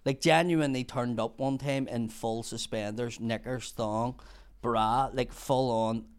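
A man's voice: mid-range voice, fairly even intonation, measured pace. A man, a podcast guest telling stories, swearing freely and acting out the people in them. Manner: swears freely, acts out other people's voices. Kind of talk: casual storytelling.

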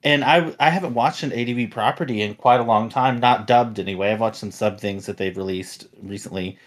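A man's voice: lowish voice, brisk. A man hosting a podcast, chatting casually and rambling with many fillers and restarts. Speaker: podcast host.

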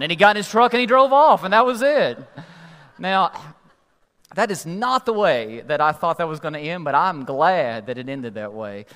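A man's voice: a little high, animated, brisk, fairly bright tone. A male pastor preaching a sermon in a conversational, storytelling way with humor, heard in an echoey hall.

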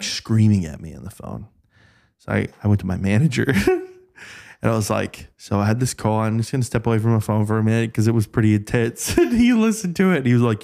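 Speaking in a fairly low, gravelly voice, a podcast guest swaps tales from an old job in a relaxed chat. He gets animated, acting out the people he quotes.

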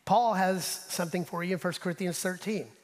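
Male pastor, high voice, animated sermon delivery, long hall reverb behind him. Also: fairly quick. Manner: animated preaching, drops to soft asides; talks straight to the congregation. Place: church sanctuary.

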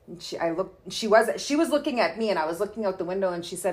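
A woman's voice: mid-range voice, expressive, quick pace, a little mellow. A woman from Canada, a guest telling personal stories in a candid, chatty way, full of likes and ums. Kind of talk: casual storytelling conversation.

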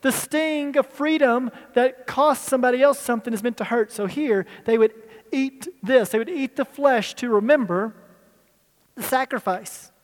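A male pastor teaches a sermon with slides, speaking conversationally and putting questions to the people in the room. His voice is very high-pitched at a normal speed, and a long hall reverb carries through the recording.

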